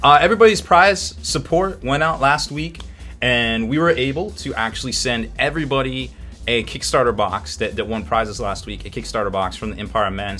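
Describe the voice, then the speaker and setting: A man's voice: fairly low pitch, bright, forceful tone. A man hosting a hobby painting show in casual live-stream chat, upbeat and rambling, laughing often.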